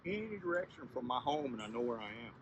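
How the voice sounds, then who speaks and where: A man's voice: medium pitch, sing-song, quick pace, lo-fi sound, noisy background, close to an everyday voice. A man voicing a lost, tired young man in a spoken folk tale. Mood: fretful. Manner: fretful, pleading.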